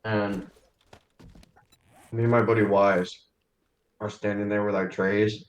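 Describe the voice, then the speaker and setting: Low-voiced young man on a roomy call. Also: little pitch movement, takes it slowly. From New Jersey. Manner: laughs through his stories, casual swearing. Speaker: friend on a call. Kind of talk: casual chat.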